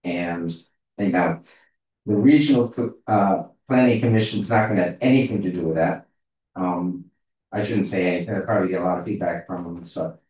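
A man in a casual meeting discussion, talking haltingly as he searches for words. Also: low-pitched, a little mellow. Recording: echoey room, far from mic.

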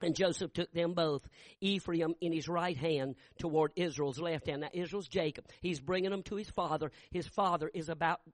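An older man preaching a revival sermon, telling folksy stories and rising into fervent shouts. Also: a little high, moderate pace, no room sound.

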